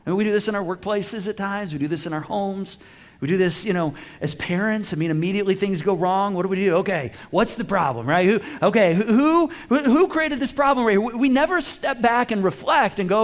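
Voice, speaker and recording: A man preaching a sermon to a congregation in a conversational style, with frequent restarts and lively acted-out quotes. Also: sits high, fairly quick. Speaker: pastor. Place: church auditorium with a live congregation.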